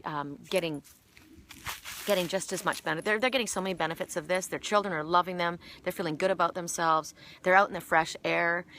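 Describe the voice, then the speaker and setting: A woman's voice: fairly low pitch, fairly bright tone, slight background noise. A middle-aged woman talking casually outdoors in a spiritual vlog, emotional and rambling with many restarts, choked up and tearful. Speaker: spiritual oracle vlogger. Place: outdoors sitting on a woodchip pile by a park.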